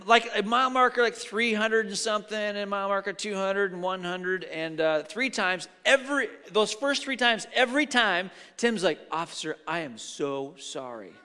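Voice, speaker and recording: A man's voice: high voice, normal speed, hardly any pauses, sharp tone, smooth. A middle-aged male pastor delivering a sermon in a church sanctuary, telling stories animatedly and acting out the quotes. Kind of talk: sermon with storytelling. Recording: long hall reverb.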